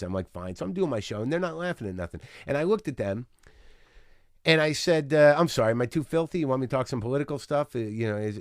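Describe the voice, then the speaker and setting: A man's voice: lowish voice, a little mellow, dry recording, studio quality. A middle-aged man, a guest comedian, telling a story in casual chat with an intense, ranting, swearing delivery.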